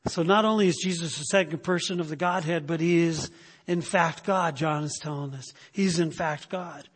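High voiced preacher guy, kinda husky, keeps saying right? okay?, echoey church. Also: normal speed. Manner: emphatic, repeats phrases, tags lines with "right?". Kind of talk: sermon. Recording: long reverb of a hall.

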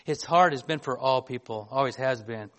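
A man preaching a sermon in a conversational, halting way, often restarting and filling gaps, reading scripture aloud. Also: medium pitch, fairly bright tone.

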